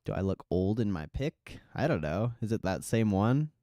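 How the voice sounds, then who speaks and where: A man hosting a live stream, chatting casually and reading out viewer comments, relaxed and profane. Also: lowish voice, normal speed, dry recording, studio quality. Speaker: livestream host.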